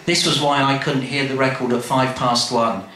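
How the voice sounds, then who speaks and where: A man reads his memoir aloud to a live crowd in a bar. He is wry and animated, with a bright tone. The room rings with echo over faint background noise. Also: medium pitch, moderate pace. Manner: wry, animated reading with asides. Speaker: storyteller.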